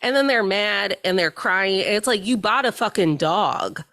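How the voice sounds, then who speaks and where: Female co-host, mid-pitched, sassy and animated, casual chat. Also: measured pace. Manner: animated, sassy, puts on mocking voices in quotes. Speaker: podcast co-host.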